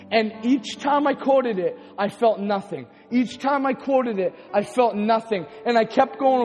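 A man with a very high voice from Canada tells a sermon testimony, full of animated storytelling and acted-out quotes. His voice rings with a long reverb in a big hall. Soft music plays faintly underneath. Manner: animated storytelling, acting out his own quotes, laughing often. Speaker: preacher.

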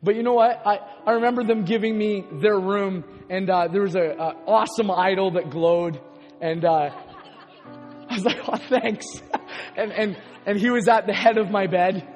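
A man with a very high voice from Canada tells a sermon testimony, full of animated storytelling and acted-out quotes. His voice rings with a long reverb in a big hall. Soft music plays faintly underneath. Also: normal speed. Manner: animated storytelling, acting out his own quotes, laughing often. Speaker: preacher.

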